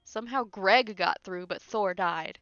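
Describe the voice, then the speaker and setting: A chatty, giggly woman streamer talks through her game. Her voice is bright and a little sharp, very close and dry. The stream audio is slightly dull, with faint music behind her. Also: medium pitch, measured pace, no echo. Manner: chatty, giggly, talks to chat between asides. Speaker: streamer playing a video game. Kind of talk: casual let's-play commentary.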